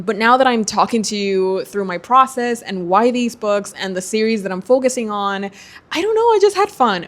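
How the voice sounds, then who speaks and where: A woman's voice: mid-range voice, fairly bright tone. A young woman vlogging casually to camera as she browses online, chatty and giggly, talking to herself. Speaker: book vlogger.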